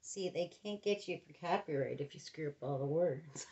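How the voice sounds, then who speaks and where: A woman's voice: fairly low pitch, moderate pace, few pauses, bright, forceful tone, muffled recording. A middle-aged woman giving a casual makeup review, chatty and rambling, often muttering to herself under her breath. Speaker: beauty vlogger.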